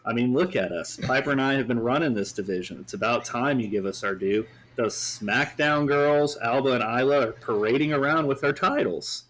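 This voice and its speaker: A man's voice: medium pitch, moderate pace, hardly any pauses, a bit bright, lightly acted, poor audio. A man voicing a haughty, demanding female wrestler who bosses her manager around, in a condescending tone. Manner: bossy and condescending.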